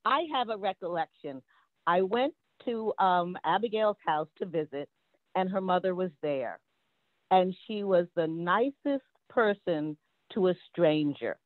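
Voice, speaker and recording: A woman calling in remotely to share a personal memory in an unhurried storytelling manner. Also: fairly low pitch, expressive, no echo. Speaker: caller sharing a memory. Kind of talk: spoken reminiscence. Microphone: remote call. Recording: tinny, dry phone-line audio.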